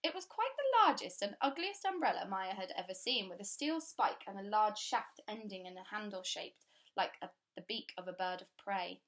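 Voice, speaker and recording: A woman reading a children's story aloud with clear, steady, expressive storytelling. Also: medium pitch, normal speed. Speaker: audiobook reader.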